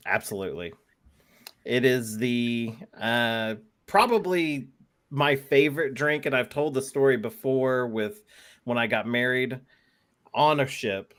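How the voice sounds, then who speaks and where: A man speaking as a guest in a casual chat, laid-back and quick to laugh. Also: mid-range voice, fairly bright tone.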